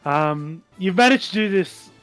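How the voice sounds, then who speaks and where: A man's voice: high voice, animated, measured pace, fairly bright tone, clear, resonant tone, faint music behind. A man with an Australian accent narrating a tabletop game as game master, hesitant and full of ums and sort-ofs.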